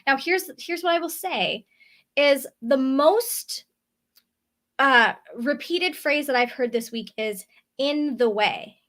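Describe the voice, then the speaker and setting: A woman vlogger talking casually to camera from her desk, often checking in with a quick "right?". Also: high-pitched, animated, fairly bright tone. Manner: chatty, often tags on "right?". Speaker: spiritual vlogger. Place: indoors at a desk.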